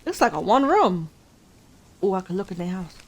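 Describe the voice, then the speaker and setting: Lively chatty woman streamer. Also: mid-range voice, normal speed, slightly rough, low-quality recording. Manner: chatty, nervous, talks to her character. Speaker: gaming streamer. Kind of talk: let's-play commentary. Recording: game sound and engine noise behind. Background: vehicle engine noise from the game.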